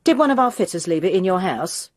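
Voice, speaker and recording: A woman's voice: lowish voice, big pitch swings, fast talker, dry recording, clean studio sound. A woman voicing a cheeky, dismissive young female receptionist. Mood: insolent.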